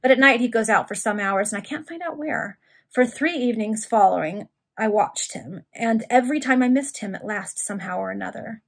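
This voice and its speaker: A woman reading aloud, voicing a gruff, rough-spoken male thief who talks in slang. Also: a little high, fairly quick. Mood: reporting. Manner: growling, slangy dialect.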